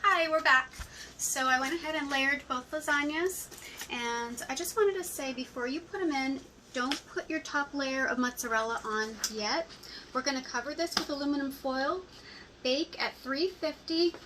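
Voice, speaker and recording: A woman's voice: sits high, normal speed, far from the mic, noisy background. A woman hosting a home cooking video, talking viewers step by step through a recipe in a casual, chatty way. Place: home kitchen.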